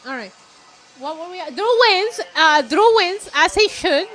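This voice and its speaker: A high, bright-voiced woman reacting live on a stream. She is excitable and profane, often breaking into shouts at what she watches. Her tone is sharp and forceful. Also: a little slow. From Puerto Rico.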